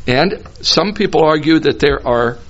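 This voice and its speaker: A man giving expository Bible teaching, explaining slowly and deliberately and singing out tonal words in another language. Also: fairly high pitch, animated, a bit bright. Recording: dull lo-fi recording.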